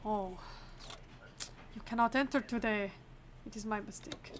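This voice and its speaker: Dropping her pitch below her natural voice into a mid-range, lightly acted delivery, a young gaming host plays a formal woman border inspector. She talks unhurriedly in a put-on mock accent from the fictional country, using clipped, officious phrasing, with a little hiss or hum audible.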